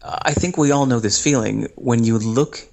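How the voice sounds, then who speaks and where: A middle-aged man telling stories as an interview guest, animated, acting out quoted voices and laughing as he goes. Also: medium pitch, normal speed, creaky. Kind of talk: storytelling interview.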